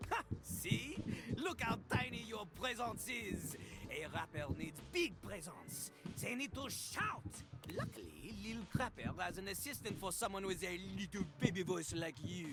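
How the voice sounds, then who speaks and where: A pompous, bossy game host with a thick French accent, his voice high and swooping as he taunts the player. It rings out over loud game music. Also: sing-song, unhurried, hardly any pauses, exaggerated voice. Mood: boastful. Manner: theatrical, bossy, mocking.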